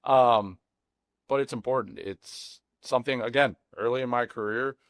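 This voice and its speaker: A man, a guest chef, speaking awkwardly in quick bursts as a self-described introvert. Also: medium pitch, dry recording. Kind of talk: casual podcast chat.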